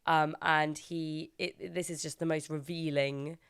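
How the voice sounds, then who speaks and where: Woman, low-pitched voice, podcast co-host, casual chat, laughs a lot. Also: little pitch movement, measured pace, smooth. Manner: chatty, laughing, quotes characters in a bright put-on voice. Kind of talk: casual chat recapping a TV episode.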